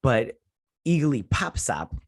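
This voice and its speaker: A man's voice: medium pitch, very animated, slow, breathy edge, no room sound, clean studio sound. A man in his thirties hosting a casual show recap, telling the story in a loose, rambling, amused way with many restarts. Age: 30s. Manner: amused, chatty.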